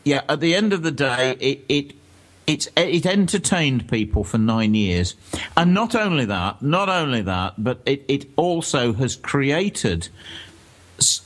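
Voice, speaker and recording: A man, a historian guest, telling stories in a relaxed radio chat with frequent laughter. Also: mid-range voice, a little slow. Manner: animated storyteller, laughs often. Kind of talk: casual radio chat, anecdote.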